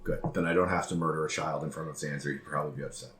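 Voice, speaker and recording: A man's voice: extremely low pitch, fairly even intonation, rapid-fire, crowd noise. A man playing a tabletop game who jokes around with the group. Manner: joking, laughs often. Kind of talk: casual tabletop play. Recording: roomy echo.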